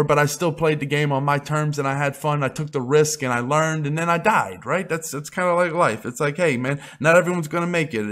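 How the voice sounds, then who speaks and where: A man's voice: on the high side, a bit bright. A young man giving an unscripted motivational rant as a vlogger, blunt and full of swearing. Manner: blunt, profane, emphatic.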